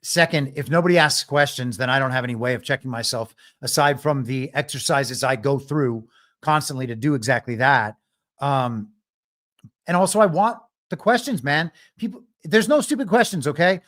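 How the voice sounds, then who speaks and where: At medium pitch and normal speed, with a slightly bright tone, a man runs a live political commentary stream on his own. He's sardonic and argumentative, often chuckling at his own quips.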